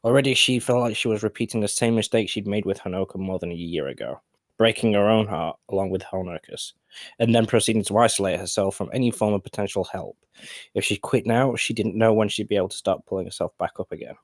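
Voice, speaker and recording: A man narrating a fan story in a live reading, steady and measured. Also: on the low side, dry recording.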